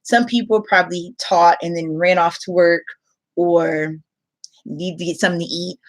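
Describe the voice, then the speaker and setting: A woman's voice: on the low side, steady tone, moderate pace. Chatty woman teacher hosting a livestream. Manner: chatty, reads out viewer comments, laughs often. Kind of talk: casual livestream chat.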